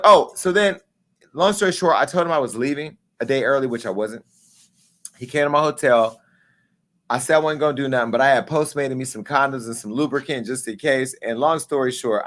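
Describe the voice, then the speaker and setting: A man in his forties hosting a live talk show, telling a story in a casual, profane way and acting out the dialogue with lively jumps in pitch. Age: 40s. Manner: animated, acts out quoted dialogue with pitch jumps.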